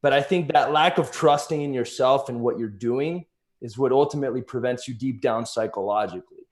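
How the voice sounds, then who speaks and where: A man's voice: medium pitch, a little fast. A man speaking as a podcast guest, explaining his ideas earnestly and building his points with examples. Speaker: guest, agency founder. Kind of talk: casual interview chat.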